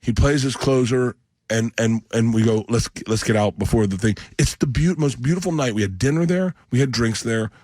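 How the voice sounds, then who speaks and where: Husky-voiced comedian telling a rambling story. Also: male voice, medium pitch, moderate pace, darkish tone, dry recording. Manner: rambling, acts out quoted voices. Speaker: comedian guest. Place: radio studio.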